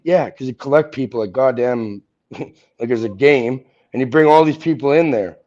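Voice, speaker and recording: A man's voice: mid-range voice, moderate pace, darkish tone. A man ranting angrily and profanely on a livestream, confronting someone he is arguing with. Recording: dull lo-fi audio.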